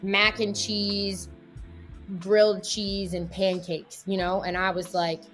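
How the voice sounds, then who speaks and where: A woman's voice: mid-range voice, little pitch movement, slow. Woman guest, casual interview chat, rambling and heartfelt, faint music underneath. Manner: emotional, rambling, heavy use of "like" and "you know". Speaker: guest, athlete and mother. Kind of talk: candid conversational interview.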